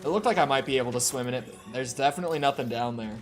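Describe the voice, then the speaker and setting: A man's voice: mid-range voice, rapid-fire, faint music behind. A man streaming a video game, casually reading chat aloud and reacting to the gameplay in a laid-back way.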